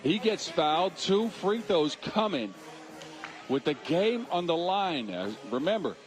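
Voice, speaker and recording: Male play-by-play caller, high bright voice, live courtside energy over loud arena music. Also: a little slow. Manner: excited, shouting at big moments. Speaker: play-by-play commentator. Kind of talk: live basketball commentary. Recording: music playing loud behind the voice.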